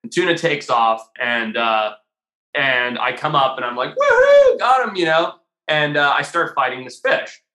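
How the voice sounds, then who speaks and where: A man telling a story as a podcast guest, animated and casual, swearing freely and filling his talk with "like" and "you know.". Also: mid-range voice, moderate pace, reverberant. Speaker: podcast guest, shark diver.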